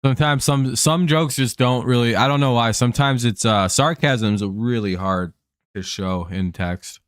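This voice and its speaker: A man's voice: medium pitch, normal speed, smooth, dry recording, studio quality. A man hosting a live stream, chatting casually and offhandedly while calling the baseball count. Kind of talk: casual chat while watching a baseball game.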